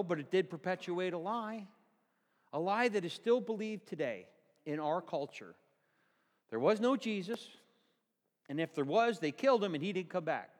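A man's voice: a little high, big-room sound. A male pastor preaching a sermon in a church, telling the story vividly and asking the congregation questions.

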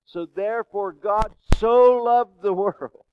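A man preaching a sermon who keeps asking the congregation questions and swings between soft and loud. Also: high voice, slow, muffled recording, slight background noise. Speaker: pastor.

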